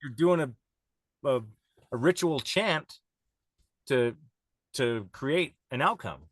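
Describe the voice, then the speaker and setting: A man's voice: mid-range voice, lively intonation, takes it slowly, no room sound. A man guest on a podcast, telling a wild story in a rambling, profane way with frequent laughs. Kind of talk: casual storytelling chat.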